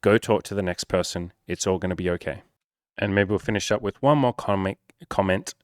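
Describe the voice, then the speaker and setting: A man giving blunt, profane, energetic dating-coach advice in a casual talk straight to the camera. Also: deep voice, a little fast, no echo, studio quality.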